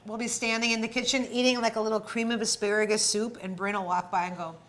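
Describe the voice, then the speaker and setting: A woman's voice: fairly high pitch, steady tone, fast talker, a bit bright. A woman with an Upper Midwest American accent hosting a casual cooking chat, bantering and tasting food. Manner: chatty, laughing tasting banter. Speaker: host.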